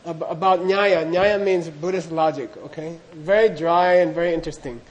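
Chatty male storyteller with a high voice. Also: fairly even intonation, moderate pace, lo-fi sound. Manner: chatty, full of "you know" asides, laughing. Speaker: dharma teacher. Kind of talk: storytelling talk.

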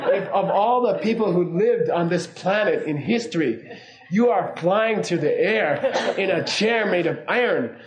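A man's voice: high-pitched, expressive, a little slow, noisy background. A man imitating an exasperated comedian ranting with laughter in his voice, in a roomy space. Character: exasperated male comedian ranting, middle-aged. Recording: roomy echo.

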